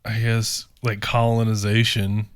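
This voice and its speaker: A man's voice: lowish voice, completely flat delivery, unhurried, clear, resonant tone, no room sound, clean studio sound. Rambling male podcast co-host. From rural area. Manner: rambling, many fillers. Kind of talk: casual chat.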